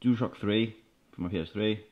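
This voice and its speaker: Laid-back low-voiced man showing his setup. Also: moderate pace, muffled recording. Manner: laid-back, rambling, plain-spoken. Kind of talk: casual show-and-tell. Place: his room at home.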